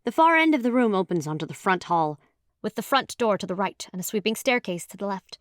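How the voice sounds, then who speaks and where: A woman narrating a first-person audiobook in a lively, expressive storytelling manner. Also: mid-range voice, brisk, dry recording. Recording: dry close studio sound.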